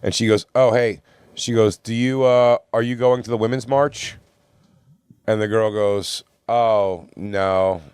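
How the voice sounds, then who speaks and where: A man's voice: lowish voice, fairly even intonation, unhurried, darkish tone, smooth, dry recording, studio quality. A man co-hosting a comedy podcast, telling a rambling, profane story and acting out what others said. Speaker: podcast co-host. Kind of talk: casual storytelling among friends.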